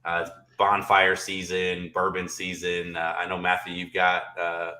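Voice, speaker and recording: A man hosting a podcast, chatting in a relaxed, easygoing way. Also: low voice, unhurried. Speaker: podcast host. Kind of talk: casual podcast chat. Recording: roomy echo.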